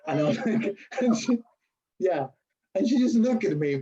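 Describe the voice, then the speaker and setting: A man with a Spanish accent talks through a casual interview like an animated storyteller, acting out the lines he quotes and correcting himself as he goes. His voice sits fairly high for a man. The recording sounds dull and lo-fi. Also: moderate pace, breathy edge. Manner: animated storyteller, acts out quotes, laughs often, restarts and self-corrects. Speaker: university lecturer and nurse interviewee.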